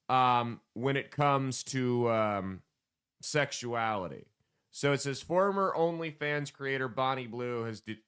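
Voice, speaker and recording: A man hosting a casual comedy podcast, joking loosely and throwing in sudden loud bursts. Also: medium pitch, clear, resonant tone. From United States. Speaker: podcast host.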